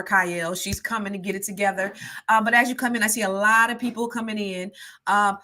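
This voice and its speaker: A middle-aged woman hosting a casual livestream chat. She naturally talks fast and is consciously trying to slow herself down. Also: medium pitch, pushed and bright. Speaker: livestream host.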